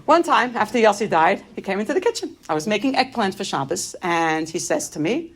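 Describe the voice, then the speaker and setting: Animated middle-aged woman telling stories. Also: mid-range voice, brisk, slightly rough. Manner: animated, humorous, shifting between light and grave. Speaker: inspirational speaker. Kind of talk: personal storytelling talk.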